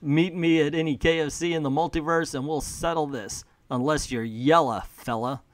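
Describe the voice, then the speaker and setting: A man's voice: fairly high pitch, fairly even intonation, normal speed, no room sound, close to an everyday voice. A man voicing a folksy old Southern chicken colonel with a put-on Southern US accent, in a salesman's manner.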